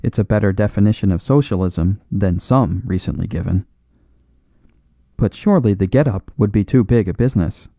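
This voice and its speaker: A man's voice: on the low side, lively intonation, moderate pace, dark tone, no room sound, lo-fi sound. A man voicing a wry, sarcastic socialist journalist in a storybook reading. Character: sardonic socialist journalist, dry young man.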